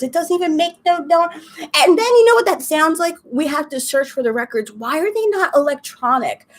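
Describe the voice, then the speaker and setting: High-voiced woman ranting on a live stream. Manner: ranting, exasperated, chatty. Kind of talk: casual chat while crafting.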